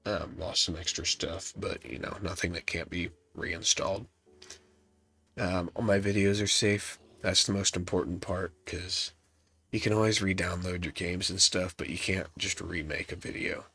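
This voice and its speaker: Young man, congested, very low voice, gravelly, rambling casual gameplay chat. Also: steady tone, normal speed, sharp tone. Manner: rambling, offhand, self-deprecating. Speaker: gaming youtuber. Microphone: laptop setup.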